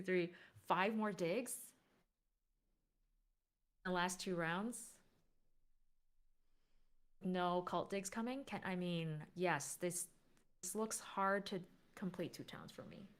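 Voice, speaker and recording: A woman co-commentating a board game on a livestream. She speaks conversationally with many "like"s and often asks questions. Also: lowish voice.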